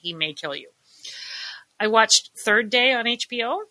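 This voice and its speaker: A woman co-hosting a podcast in casual chat, enthusiastic and quick to laugh. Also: fairly high pitch, lively intonation, bright, forceful tone. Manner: chatty, enthusiastic, laughs often. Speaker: podcast co-host.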